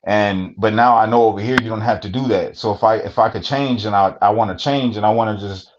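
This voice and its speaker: A man's voice: on the low side, brisk, noisy background. A man who co-hosts a podcast, telling stories in a blunt, profane, plain-spoken way. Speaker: podcast co-host. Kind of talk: casual storytelling. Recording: dull lo-fi sound.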